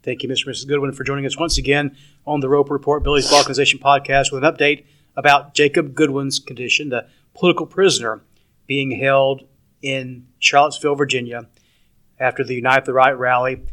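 A male podcast host with a mid-range voice. He talks quickly and keeps things brisk and formal. His questions come in long, run-on sentences. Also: mid-range voice, steady tone, fairly bright tone. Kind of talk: podcast interview.

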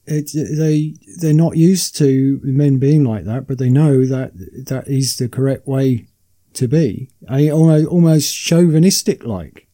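Very mellow man, stammering chat. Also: mid-range voice, unhurried. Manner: stammering, with repeated words. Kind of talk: casual podcast chat.

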